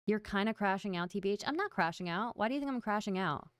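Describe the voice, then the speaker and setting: A woman's voice: medium pitch, expressive, quick pace, clear, resonant tone, no echo, studio quality. Playful woman streamer teasing her chat. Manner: playful, self-mocking, talks straight to chat. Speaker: livestream host. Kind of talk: casual stream chat to viewers.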